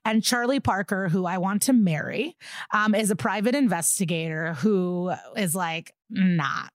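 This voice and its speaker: A woman's voice: mid-range voice, normal speed, dry recording, clean studio sound. A woman co-hosting a podcast, animatedly retelling a true-crime case in casual chat, acting out quotes and swearing freely. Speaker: podcast co-host.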